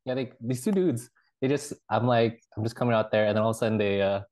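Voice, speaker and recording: A man co-hosting a podcast, telling halting, rambling anecdotes in casual chat with laughs. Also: mid-range voice, a little mellow. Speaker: podcast co-host.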